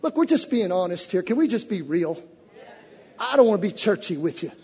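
A male pastor preaching with a very high, husky voice that rings out through a long hall reverb. He drops to near-whispered asides, then climbs to shouted calls to the congregation. The delivery is dramatic and direct. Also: very animated, a little fast. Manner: dramatic, swings from hushed asides to shouted exhortation. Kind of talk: sermon.

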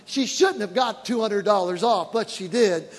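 A man, a pastor, preaching a sermon with animated storytelling that rises to shouted praise. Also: sits high, moderate pace, faint music behind. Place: large church auditorium. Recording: long reverb of a large church hall with congregation. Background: faint congregation.

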